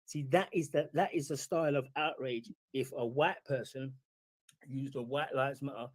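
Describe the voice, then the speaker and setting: A man's voice: medium pitch, steady tone, normal speed, no room sound. A man from England argues his case on a call to a talk show. He stumbles and restarts as he presses his points, and the recording sounds dry with no room in it. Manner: argumentative, repeats himself, stumbles over words. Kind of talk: heated debate on a call.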